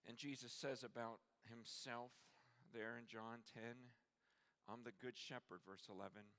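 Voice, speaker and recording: A man preaching a sermon at a conference, impassioned and halting, moving from hushed reflection to near-shouting. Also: mid-range voice, fairly even intonation. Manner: halting restarts when moved.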